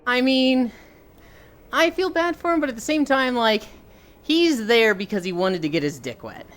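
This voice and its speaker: A woman's voice: fairly high pitch, normal speed. A woman streamer chatting casually about a role-playing game, teasing and swearing. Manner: animated, swears and teases. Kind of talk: casual gaming chat.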